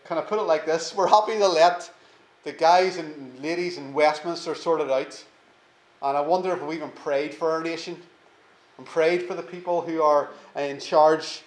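A man preaching a sermon, earnest and emphatic, slowing down to stress key words. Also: sits high, echoey room, low-quality recording. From England.

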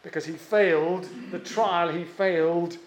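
A man's voice: high voice, steady tone, unhurried, echoey room. A man preaching an expository sermon, emphatic and given to repeating key phrases, with frequent fillers.

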